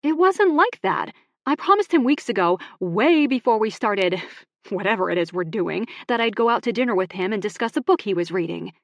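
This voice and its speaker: A woman narrator voicing an upset young woman, with lines pitched high and spoken emphatically. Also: big pitch swings, normal speed, dry recording. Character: young woman, upset and hurt, quick-tempered.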